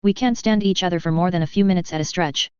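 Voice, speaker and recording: A blunt, swearing male ambassador, read by a woman narrator. The voice is low-ish and very clear, with no room sound. The audio is slightly dull. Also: fast, a little mellow, dry recording, lightly acted. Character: blunt, foul-mouthed human male ambassador.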